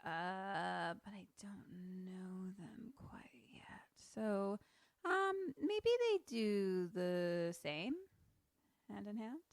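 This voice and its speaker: A woman co-hosting a podcast in casual chat, making quiet, deadpan asides and jokes, on a remote call. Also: medium pitch, extremely slow, vocal fry, no echo. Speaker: podcast co-host. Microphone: remote call setup.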